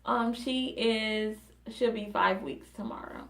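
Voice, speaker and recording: A woman's voice: on the high side, steady tone, takes it slowly, hardly any pauses. A young woman, a new mother, telling a personal story in a chatty way with many fillers and restarts.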